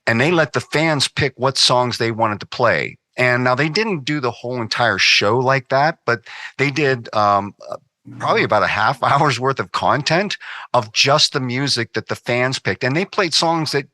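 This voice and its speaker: A man's voice: medium pitch, moderate pace, bright, forceful tone. A man hosting an interview show, chatting enthusiastically like a fan. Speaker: podcast host. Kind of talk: casual interview chat.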